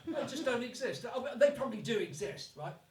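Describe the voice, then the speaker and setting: A male Brummie stand-up comedian performs a set in a live comedy club, recorded from far off in an echoey room with crowd noise. His very high voice has lively intonation and a fairly quick pace, and he swears freely while putting on voices for accents.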